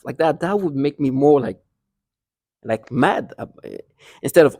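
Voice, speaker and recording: Husky man ranting in a halting voice. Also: medium pitch, expressive, darkish tone, no echo, studio quality. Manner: agitated, angry, halting with repeated restarts and bitter laughs; drops to a near whisper at times. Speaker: vlogger. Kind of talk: rambling personal monologue to camera.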